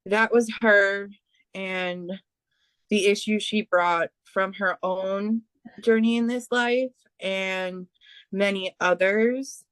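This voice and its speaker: A woman working as a psychic medium gives a spiritual reading, speaking haltingly with lots of fillers and restarts. Her voice is mid-range with fairly even intonation and a fairly bright, clean tone, recorded dry.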